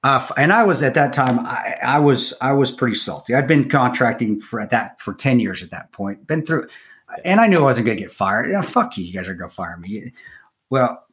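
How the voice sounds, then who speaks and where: A man's voice: medium pitch, expressive, a little fast, fairly bright tone. A middle-aged man telling a war story in a blunt, profane, casual way, often restarting his sentences.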